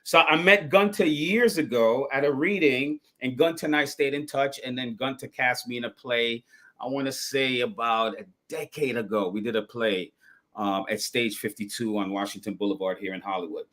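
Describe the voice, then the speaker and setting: A man's voice: mid-range voice, normal speed. A man, an actor and guest, telling stories in a casual chat and acting out the quotes. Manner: animated storyteller, acts out quotes.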